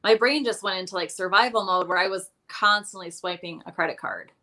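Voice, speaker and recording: A woman guest in a casual interview, recounting her money struggles with candid, self-mocking humor. Her voice is bright and forward, and she talks loosely with frequent ums and restarts. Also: medium pitch, a little fast. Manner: candid, self-deprecating storytelling with many fillers.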